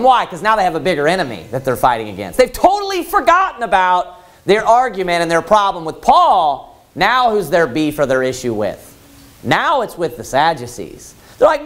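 Animated high-voiced male preacher. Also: normal speed. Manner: animated storytelling with rhetorical questions. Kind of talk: Baptist sermon. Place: church.

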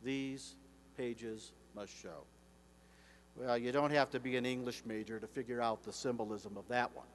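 A man in his sixties giving a formal commencement address as an author and speaker, measured and slowing down for emphasis. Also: medium pitch, fairly even intonation. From United States. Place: large hall. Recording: echoey hall, faint hum.

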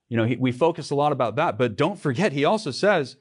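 A man's voice: medium pitch, expressive, fairly quick, hardly any pauses. A man, the pastor, preaching an earnest sermon in church, often restarting his phrases and reading scripture aloud.

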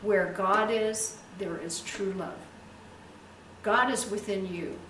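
Woman pastor, emphatic sermon and prayer, drawn-out stresses; roomy, distant recording with faint hiss. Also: mid-range voice, steady tone, fairly bright tone. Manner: emphatic, stretches key words for effect. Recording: echoey room, distant mic, faint hiss.

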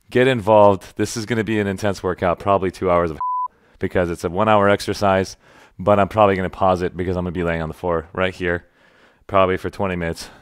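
Joking young streamer working out. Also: male voice, deep voice, no echo. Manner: joking, loud and animated while exercising. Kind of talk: casual comedic workout stream.

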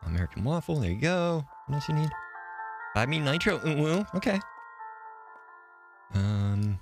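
A man's voice: a little high, very animated, moderate pace, pauses often, music in the background. A young man casually commentating a game on a live stream, joking, crude and swearing freely.

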